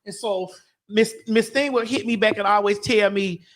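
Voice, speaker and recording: A woman from Miami-Dade hosting a morning talk show, telling a story in a blunt, profane, animated way. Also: mid-range voice, moderate pace. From Miami-Dade, Florida.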